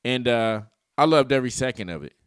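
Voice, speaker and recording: A man's voice: medium pitch, animated, brisk, clear, resonant tone, no echo, studio quality. A man giving casual, opinionated political commentary for his channel, slangy and full of joking asides. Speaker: YouTube commentator.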